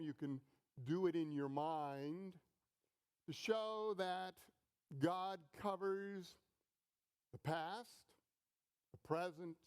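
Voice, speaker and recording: A middle-aged pastor delivering a sermon with a fairly high voice. He speaks slowly, letting phrases land one at a time in deliberate storytelling. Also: a little mellow, clean tone. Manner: slow, deliberate storytelling with pauses.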